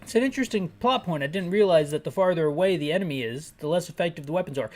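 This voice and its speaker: Woman in a lowish register, sarcastic game commentator with bouncy, swooping intonation. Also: animated, rapid-fire, hardly any pauses, darkish tone. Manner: sarcastic, rambling, self-correcting jokes. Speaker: game retrospective narrator and describer. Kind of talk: comedic game commentary with descriptive audio.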